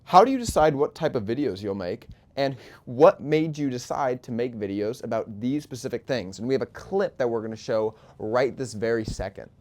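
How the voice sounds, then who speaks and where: A man's voice: mid-range voice, expressive, normal speed, few pauses, a little mellow. A man hosting a live talk show, joking and teasing between questions. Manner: joking, playful asides.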